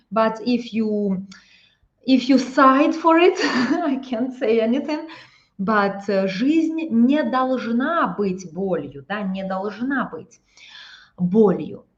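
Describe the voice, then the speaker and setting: A woman with a Russian accent teaching a live-stream lesson, explaining slowly, repeating phrases and checking in with "yeah?". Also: a little high, dull audio.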